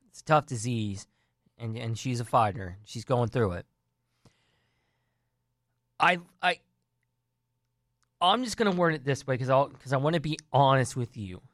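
A man's voice: mid-range voice, fairly bright tone, no room sound, clean studio sound. A man giving casual wrestling news and opinions, earnest and rambling, often restarting his sentences. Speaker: wrestling commentary vlogger.

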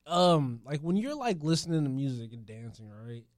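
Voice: mid-range voice, sing-song, moderate pace, darkish tone, no room sound, studio quality. A speaker in casual chat, asking a question hesitantly and searching for words.

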